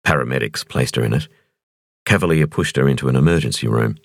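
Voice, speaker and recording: Very deep, gravelly male audiobook narrator. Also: dry recording, studio quality. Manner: measured, expressive reading. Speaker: audiobook reader.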